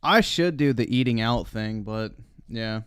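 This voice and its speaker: A man's voice: on the low side, measured pace, fairly bright tone, smooth, no room sound, clean studio sound. A man giving casual, profane commentary on a live stream as he reacts to clips, laughing often. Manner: laughs often, swears freely.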